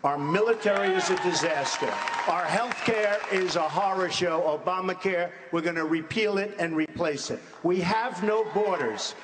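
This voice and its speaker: A man with a fairly high voice talks bluntly and repeats himself in plain, conversational phrases. He is answering on a debate stage. The sound is roomy, with a long hall echo. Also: fairly bright tone. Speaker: presidential candidate.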